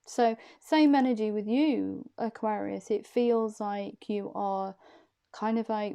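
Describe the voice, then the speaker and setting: A woman's voice: mid-range voice, a little slow, creaky, dark tone. A woman, a reader chatting casually and laughing at herself as she tells a personal story. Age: young adult. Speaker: intuitive reader.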